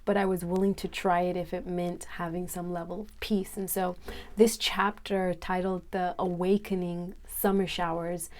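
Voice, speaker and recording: Soft-spoken woman reading her own memoir. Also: mid-range voice. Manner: soft, earnest and confessional. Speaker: author reading her book. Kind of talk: personal reflection and book reading.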